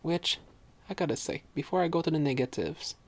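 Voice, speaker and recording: Young man, husky voice, casual solo podcast chat, rambling, self-correcting. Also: on the high side, a little fast. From Quebec, Canada. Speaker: podcast host and student.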